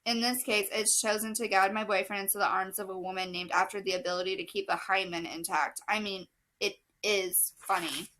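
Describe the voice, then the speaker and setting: A woman's voice: medium pitch, fairly even intonation, brisk, sharp tone, poor audio. A young woman reading a novel aloud, breaking off now and then to laugh and correct her slips. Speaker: book vlogger reading aloud.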